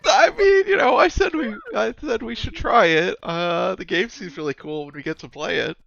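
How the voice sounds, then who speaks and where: A man's voice: sits high, moderate pace, creaky, a bit bright, muffled recording. A man playing a board game over a voice call, chatting casually and laughing often while telling stories.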